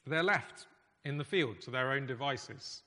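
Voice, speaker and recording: Guy giving a sermon, chatty but punchy, sharp bright voice, echoey church hall. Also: medium pitch, lively intonation. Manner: conversational, emphatic, with pauses and shifting volume. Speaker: preacher.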